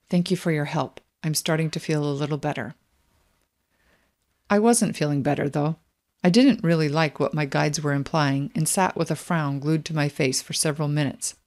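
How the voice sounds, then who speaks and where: A middle-aged woman reading her own memoir aloud, quiet and introspective in a measured way. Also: low-pitched. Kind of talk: reflective memoir narration.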